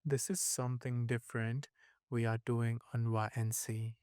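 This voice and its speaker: A man reading a scripted podcast introduction in an even, measured way. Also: medium pitch, loud music behind the voice. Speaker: podcast host. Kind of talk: scripted narration.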